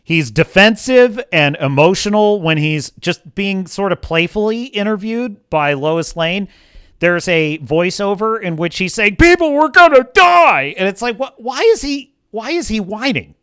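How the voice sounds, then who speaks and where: A man's voice: high voice, lively intonation, unhurried, a bit bright, smooth, no room sound, clean studio sound. A man hosting a livestream, giving passionate, opinionated film commentary and greeting his chat. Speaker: livestream host.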